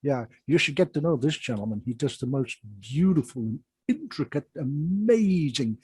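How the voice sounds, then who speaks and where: A man hosting a casual chat, rambling and halting with many fillers. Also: medium pitch, darkish tone, husky, no room sound. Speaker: host.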